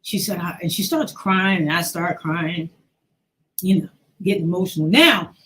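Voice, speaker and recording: A woman's voice: fairly low pitch, moderate pace, a bit bright, a little hiss or hum. Woman telling a personal story. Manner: emotional, acts out quoted voices. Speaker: host.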